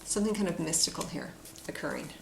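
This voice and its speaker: A woman giving a casual, reflective spoken tarot reading with frequent fillers and soft asides. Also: low voice, lively intonation, fast talker, creaky. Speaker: tarot card reader. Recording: echoey room with faint noise.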